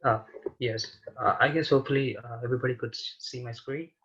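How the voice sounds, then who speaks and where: A man's voice: mid-range voice, fairly even intonation, brisk, fairly bright tone, slightly rough. A man representing a student association, presenting hesitantly on a video call with many fillers. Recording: muffled lo-fi call audio.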